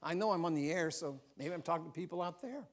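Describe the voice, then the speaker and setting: A man's voice: fairly high pitch, fast talker. An older man, a grandfather, preaching a folksy, conversational sermon in a church, with personal asides. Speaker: pastor.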